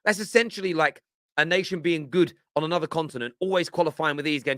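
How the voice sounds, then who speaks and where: A man's voice: a little high, fast talker, a bit bright, dry recording, clean studio sound. A man hosting a live football reaction stream, chatting enthusiastically and reading out viewer comments. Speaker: football show host.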